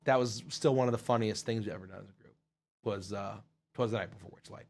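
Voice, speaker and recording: A man hosting a live stream, reading out chat comments with loud excitement and casual swearing. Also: fast. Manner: excited, swears casually, swings from loud hype to low mumbles. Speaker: livestream host.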